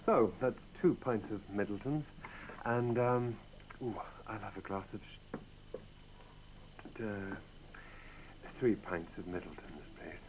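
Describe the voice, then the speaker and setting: A reluctant city husband. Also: male voice, on the low side, slow, pauses often, darkish tone, slight background noise, rough recording. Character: reluctant city advertising man. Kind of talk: scripted language-course drama.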